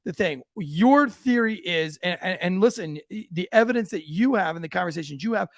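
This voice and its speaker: Male podcast host, ex-cop, high voice in a dry room, keeps cutting in to steer the talk. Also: expressive, brisk, gravelly, dry recording. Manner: cuts in with repeated "listen". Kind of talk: podcast interview.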